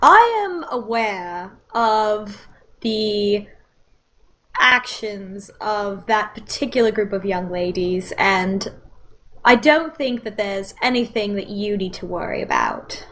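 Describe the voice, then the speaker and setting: A woman voicing a calm, evasive male teacher with a patchy put-on British accent. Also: mid-range voice, slow pace. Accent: put-on British, inconsistent.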